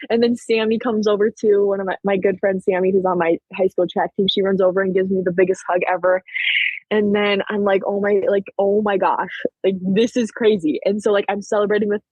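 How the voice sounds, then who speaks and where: A young woman in her late teens, a podcast guest, chatting and retelling events in a lively way full of "like". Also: medium pitch, fairly quick, slightly rough, dry recording, phone-quality sound. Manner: chatty, peppered with "like", animated retelling. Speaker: podcast guest, track athlete. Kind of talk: casual storytelling interview.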